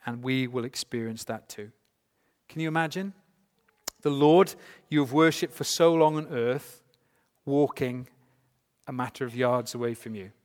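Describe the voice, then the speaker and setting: A man's voice: mid-range voice, a little slow, pauses often. A man preaching a sermon to a congregation, emphatic and full of rhetorical questions. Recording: long hall reverb.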